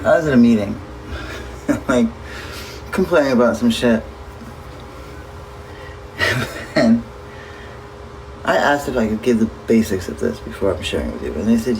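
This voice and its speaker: A man's voice: mid-range voice, animated, unhurried, pauses often, slight background noise, poor audio. A man chatting casually on a livestream, talking straight to his viewers and swearing freely.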